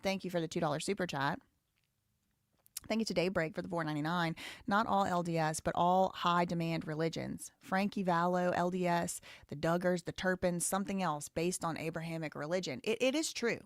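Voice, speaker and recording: A woman's voice: a little fast, no room sound, clean studio sound. A woman from the Southern US hosting a live stream, reading super chats and giving blunt, outspoken commentary. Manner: blunt, outspoken, rising loud and high when heated. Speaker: livestream host.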